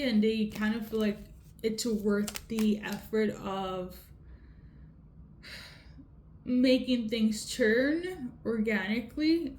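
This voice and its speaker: A woman's voice: a little high, darkish tone. Woman tarot reader, echoey room. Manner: repeats "okay?" often, conversational. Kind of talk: casual tarot reading. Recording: echoey room with faint noise.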